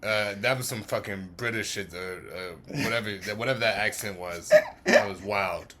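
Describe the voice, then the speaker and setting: A man co-hosting a casual reaction chat, blunt and profane, with animated outbursts. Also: fairly low pitch, moderate pace, slight background noise. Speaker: co-host.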